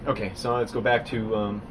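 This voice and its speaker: A man's voice: on the low side, little pitch movement, unhurried, background noise. A man, a painter, rambling through a live-stream monologue at his desk, theatrical and self-mocking, breaking into rants and reading aloud.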